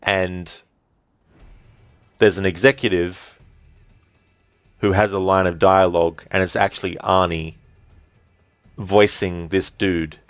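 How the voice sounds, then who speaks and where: A man's voice: low-pitched, takes it slowly, long pauses, no echo, faint music behind. A man streaming a game, chatting casually, reading chat aloud and swearing now and then. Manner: relaxed, chatty, reads chat aloud, swears, laughs often.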